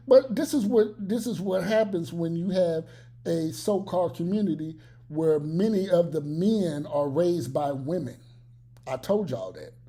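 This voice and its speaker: A man's voice: high-pitched, mellow. A man giving blunt, profane, preachy commentary in a casual reaction video.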